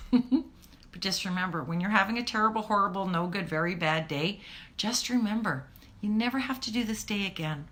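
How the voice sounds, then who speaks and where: Speaking at an ordinary pace in a mid-range voice, a middle-aged woman hosts a casual, encouraging talk on parenting. She's expressive and now and then goes nearly to a whisper to drive a point home.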